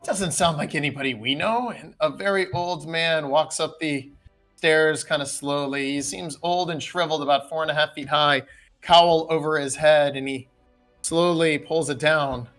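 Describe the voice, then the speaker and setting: A man narrating a tabletop game as dungeon master, in a slightly high voice. His delivery is casual and relaxed, with plenty of fillers. He describes the action at an easy pace. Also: normal speed, faint music behind.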